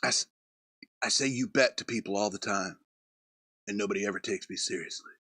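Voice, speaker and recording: A man's voice: lowish voice, steady tone, brisk, pushed and bright, slightly rough, no room sound. Radio guy rambling and chuckling through a comedy bit, dry close sound. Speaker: radio show host.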